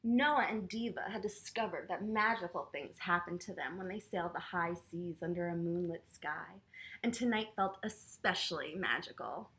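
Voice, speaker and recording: A woman with a lowish voice reads a picture book aloud to children and guides them through yoga poses. A children's storyteller and yoga teacher, she speaks to them in an animated, playful way.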